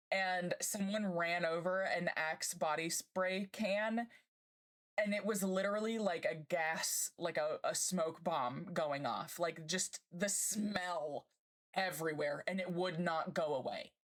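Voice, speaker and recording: Woman streamer, lower pitch, bubbly and gushing, laughs a lot, casual live chat. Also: takes it slowly.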